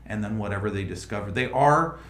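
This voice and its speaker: A man's voice: fairly low pitch, fast talker, fairly bright tone, reverberant, slight background noise. A man hosting a casual livestream, thinking aloud with frequent restarts as he explains how a project is going. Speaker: livestream host.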